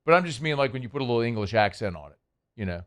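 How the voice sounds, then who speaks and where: A male sports radio host chatting loosely on air. His voice is smooth and resonant and sits in a middle register. He rambles in a playful way and pokes fun at himself. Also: mid-range voice, expressive, rapid-fire. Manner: rambling, playful, self-deprecating. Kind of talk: casual radio chat. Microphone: studio microphone.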